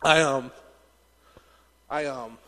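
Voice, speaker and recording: A man preaching a sermon, telling stories in an animated way and laughing often. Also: medium pitch, drawn-out words, big-room sound.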